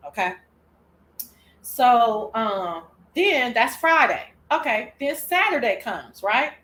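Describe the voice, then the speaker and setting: A woman's voice: medium pitch, a bit bright. A woman hosting a show, telling a profane gossip story and acting out other people's lines. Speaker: show host. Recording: echoey room with faint background noise.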